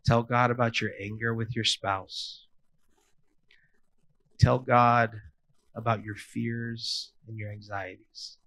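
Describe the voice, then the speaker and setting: A man in his thirties preaching a sermon in a casual, animated way, with playful asides. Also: on the low side, rough recording. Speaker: pastor.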